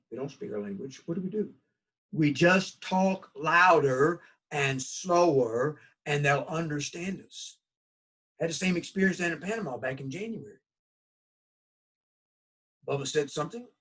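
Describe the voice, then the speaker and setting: A man's voice: on the high side, normal speed, long pauses, husky, far from the mic. A man with a Southern US accent giving a recorded college course lecture in a folksy, conversational way. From United States. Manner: folksy, conversational, animated storytelling. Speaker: college instructor.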